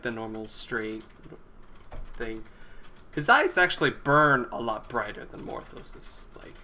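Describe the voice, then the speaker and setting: Bright-voiced hesitant male player. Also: mid-range voice, a little hiss or hum. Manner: hesitant, full of fillers. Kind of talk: playing a tabletop game.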